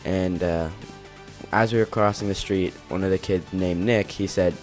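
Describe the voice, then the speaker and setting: Teen male vlogger, deep low voice, casual rambling anecdote, just out of bed. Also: steady tone, normal speed, soft background music. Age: teens. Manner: rambling, full of restarts and quoted dialogue. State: just woke up. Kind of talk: casual storytelling.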